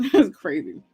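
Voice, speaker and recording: A woman gives casual reaction commentary over a clip, amused and chatty. Her voice sits at an ordinary middle pitch for a woman. The recording is dry and close. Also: mellow, no echo. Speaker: reaction streamer.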